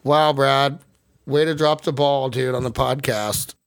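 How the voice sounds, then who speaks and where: Over a video call, a young man hosting a podcast tells stories in casual chat, laughing and swearing freely. His voice is medium-pitched, steady, smooth and unhurried, captured in a dry recording with clean studio sound.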